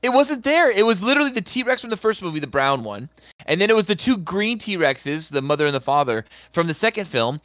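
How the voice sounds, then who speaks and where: Bright, dry-sounding man in casual chat. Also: sits high, a little fast, no echo. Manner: rambling, profane, animated storytelling. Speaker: podcast co-host.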